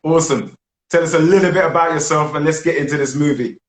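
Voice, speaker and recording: A man's voice: a little high, quick pace. A male host with a slightly raised voice, talking in an impassioned, preachy way. His voice bounces around an echoey room. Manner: preachy and animated, leads call-and-response chants. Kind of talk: live online film review chat.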